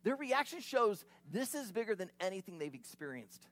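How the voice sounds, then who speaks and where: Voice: medium pitch, big pitch swings, normal speed, fairly bright tone. A preacher giving an expository sermon, retelling the scene in a vivid, conversational way with casual asides.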